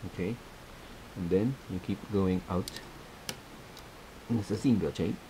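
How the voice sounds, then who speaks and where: A man's voice: low-pitched, a little slow, noisy background. A man hosting a casual step-by-step craft tutorial, chatty and laughing often as he repeats his instructions.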